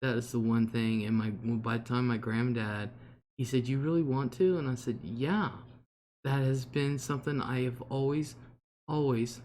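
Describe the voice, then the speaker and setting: A man's voice: mid-range voice, level tone, measured pace, a little mellow, a little hiss or hum. A man hosting a casual livestream from home, chatting freely, laughing often and answering viewer comments. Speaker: livestream host. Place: home, at a table.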